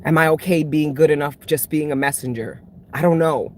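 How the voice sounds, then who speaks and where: This tarot reader's voice is low-pitched and a little mellow, moving fairly quickly over a slight hiss or hum. Venting casually to her channel's viewers, she's blunt, swears heavily, and keeps erupting into emotional outbursts.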